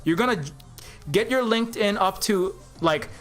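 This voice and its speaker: A man's voice: sits high, moderate pace, a bit bright, soft background music. A man giving a rambling commentary vlog, with many restarts. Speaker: game developer and commentator.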